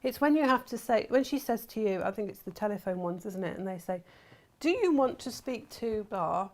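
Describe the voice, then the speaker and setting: A woman's voice: medium pitch, expressive, fairly quick. A woman hosting a crafting workshop, chatting casually and telling stories while she sews. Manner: chatty, storytelling, laughs often. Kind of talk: casual chat while sewing.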